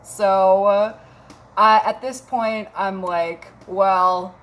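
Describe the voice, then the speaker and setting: A woman in her thirties from Minnesota tells a casual story on her vlog in a slow, mid-range voice. She is wry and self-mocking and swears a lot.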